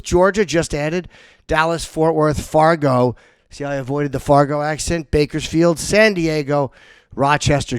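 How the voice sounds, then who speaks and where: A man's voice: a little high, clear, resonant tone, dry recording. A middle-aged man hosting a talk show, chatting casually with dry, self-mocking jokes. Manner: self-deprecating, dry jokey delivery. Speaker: host.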